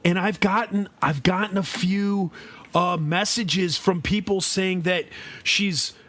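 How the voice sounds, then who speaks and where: A man's voice: sits high, slow pace, a crowd in the background. Joking man on a comedy podcast. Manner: joking, slips into silly put-on voices. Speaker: podcast co-host. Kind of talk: casual comedic chat.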